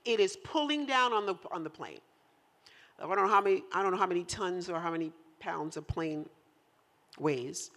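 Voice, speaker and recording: A woman preaching a sermon with a lot of animation. Her voice climbs to loud, emphatic peaks and drops back down. She teases her congregation as she goes. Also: on the high side. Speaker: pastor. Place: church in central New York.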